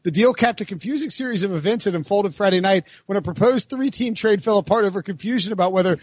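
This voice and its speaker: Fairly high, lively male voice cracking jokes as a sports podcast co-host. The sound is dull and lo-fi, dry with no room echo. He keeps the banter loose and playful. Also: fast talker, husky. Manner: jokey, animated, slips into silly voices.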